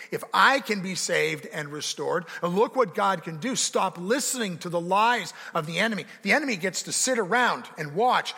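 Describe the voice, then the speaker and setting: A man's voice: high-pitched, gravelly, pushed and bright, slightly rough, long reverb tail. A man preaching a sermon as pastor, with rising emphasis and dramatic quoted voices, recorded in a church sanctuary.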